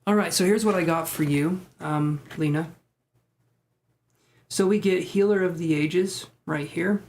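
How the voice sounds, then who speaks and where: A man's voice: fairly high pitch, a little slow, a little mellow, a little hiss or hum. A man live-streaming tarot readings, chatting with viewers in a joking, self-deprecating way. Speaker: tarot reader.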